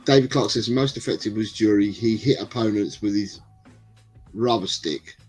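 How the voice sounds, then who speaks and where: A man's voice: on the low side, moderate pace, a little mellow, slightly rough, faint music behind, rough recording. A man hosting a casual football livestream, reading chat comments aloud and rambling between them. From England. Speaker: livestream host.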